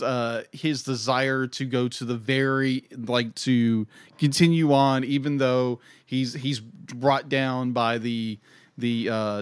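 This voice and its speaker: A man's voice: medium pitch, smooth, dry recording. Enthusiastic young man, dry close sound. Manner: enthusiastic, laughs often, acts out quotes. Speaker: podcast co-host. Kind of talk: casual film review chat.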